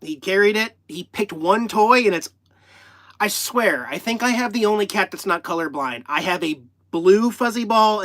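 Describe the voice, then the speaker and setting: A man's voice: on the high side, fairly bright tone. A man chatting casually on a livestream from inside his parked RV, rambling and talking to his pets and the live chat. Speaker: RV vlogger hosting a livestream.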